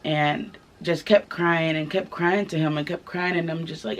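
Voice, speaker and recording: A young woman telling her own story to the camera in a casual vlog, candid and soft-spoken, pausing often with fillers. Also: lowish voice, steady tone. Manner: candid, halting, many fillers. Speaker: vlogger. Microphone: camera mic, filming herself.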